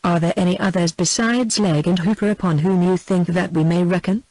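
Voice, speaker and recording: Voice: mid-range voice, fairly even intonation, brisk, a little mellow, no room sound, close to an everyday voice. A narrator reading the lines of an irritable, careworn young duke in an audiobook, dry and close. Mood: impatient. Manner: impatient, irritable.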